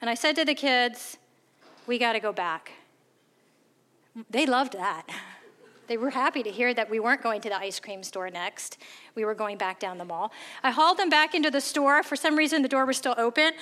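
Woman speaker, high and bright, telling a self-deprecating faith story with animated character voices. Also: normal speed, long pauses. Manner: animated, acts out quoted voices. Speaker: speaker sharing faith testimony. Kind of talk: storytelling testimony talk.

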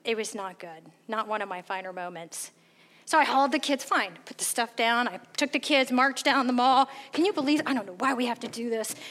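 A woman's voice: on the high side, brisk. A woman giving a candid, self-deprecating faith testimony, animatedly acting out the voices of people in her stories. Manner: animated, acts out quoted voices. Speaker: speaker sharing faith testimony. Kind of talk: storytelling testimony talk.

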